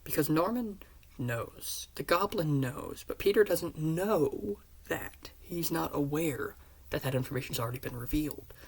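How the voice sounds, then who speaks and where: Husky man retelling a story. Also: fairly high pitch, lively intonation, measured pace. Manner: earnest, drops into hushed half-whispers. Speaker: fan pitching a series. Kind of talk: casual retelling of a story pitch.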